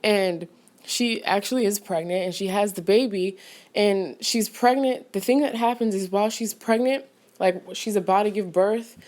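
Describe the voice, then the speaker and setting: A woman's voice: medium pitch, darkish tone. A woman giving a casual, rambling spoken film review as a vlogger, full of fillers and restarts and sudden outraged exclamations, pacing back and forth as she talks. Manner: paces back and forth while talking.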